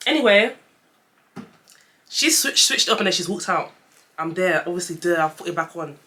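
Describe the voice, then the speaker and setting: Young woman, casual story-time vlogger, animated, talks straight to the audience. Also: fairly low pitch, moderate pace. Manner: chatty, animated storytelling, addresses viewers as guys.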